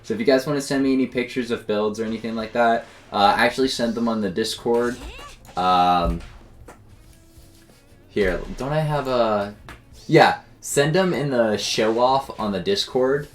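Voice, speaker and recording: A young man tells a story while streaming games, rambling with lots of filler and poking fun at himself. His voice is medium-pitched and unhurried, with faint music in the background.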